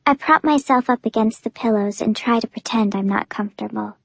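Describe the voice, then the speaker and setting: A young woman reads a first-person audiobook with emotive, breathless intensity. Her voice sits high and bright in pitch, recorded dry and close with no room sound at all. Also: a little fast, gravelly, no echo. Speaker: audiobook narrator.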